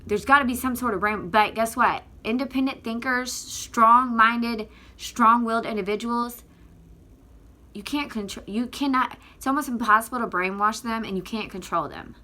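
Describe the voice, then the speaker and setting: A woman's voice: a little high, moderate pace, bright, forceful tone. A woman from Florida talks straight to camera in an impassioned vlog. She is tearful, and she rambles emphatically with many fillers and restarts. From Northwest Florida. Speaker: activist vlogger.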